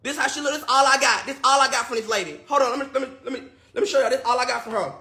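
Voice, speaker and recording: A man ranting in a vlog, loud, exasperated and profane, and repeating himself over and over. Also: very high-pitched, racing, vocal fry. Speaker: vlogger. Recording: echoey room.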